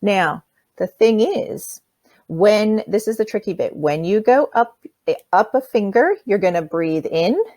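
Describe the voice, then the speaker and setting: A woman calmly teaching children simple breathing steps in a workshop lesson, speaking plainly and straight to them. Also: medium pitch, unhurried, dry recording. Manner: demonstrates by breathing sounds.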